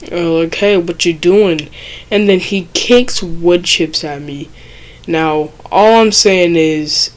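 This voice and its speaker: A person telling a childhood story in a casual, rambling storytime vlog, swearing often and making self-mocking asides. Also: mid-range voice. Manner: rambling and profane, heavy use of fillers. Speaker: storytime vlogger.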